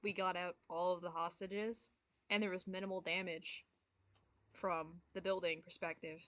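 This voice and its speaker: A woman speaking in character as a player, flat and matter-of-fact. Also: lowish voice, normal speed, no echo. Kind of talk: in-character tabletop play.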